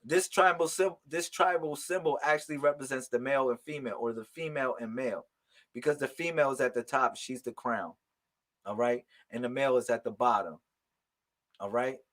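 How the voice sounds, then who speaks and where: A man hosting a casual live stream of psychic readings, talking loud and slangy, laughing and calling out to viewers. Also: medium pitch, a little fast. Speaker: livestream host giving psychic readings.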